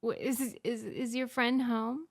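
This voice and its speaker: A woman's voice: fairly high pitch, flat delivery, measured pace, creaky. A woman co-hosting a podcast in casual chat, amused and reassuring. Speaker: podcast co-host.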